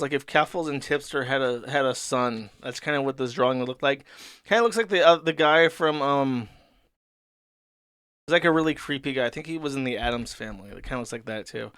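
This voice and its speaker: A man's voice: on the high side, brisk, a bit bright, clear, resonant tone, no echo, studio quality. Sardonic man riffing crude commentary. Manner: rambling, crude and sardonic, with fillers. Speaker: host. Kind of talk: comedic commentary reading a comic.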